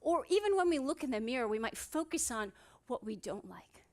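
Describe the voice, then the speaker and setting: A woman's voice: high voice, very animated, fairly quick, darkish tone. A woman psychiatrist giving a motivational conference talk on stage, telling humorous stories and asking the audience rhetorical questions.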